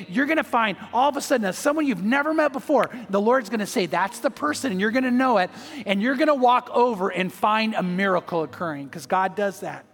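A man's voice: sits high, a bit bright, in a large hall. A man preaching a sermon as pastor, telling a personal story and acting out the voices in it. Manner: storytelling, acts out voices in anecdotes.

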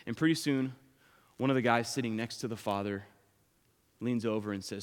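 A male pastor delivering an earnest sermon in a church, slowing for scripture and pressing with urgent questions. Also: mid-range voice, animated, in a large hall.

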